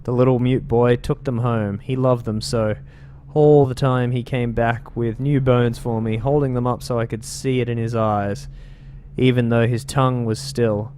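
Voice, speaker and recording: A man reading the words of an old woman rambling about carved bones, in an unhurried, creepy way, reading game lore aloud. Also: medium pitch, steady tone, a little mellow, slight background noise, close to an everyday voice. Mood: eerie.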